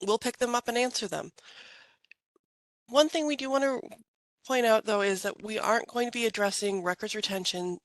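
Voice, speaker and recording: A woman's voice: fairly high pitch, normal speed, pauses often, no echo, poor audio. A woman moderating an online question-and-answer webinar, upbeat and organized, speaking into a computer mic on a video call.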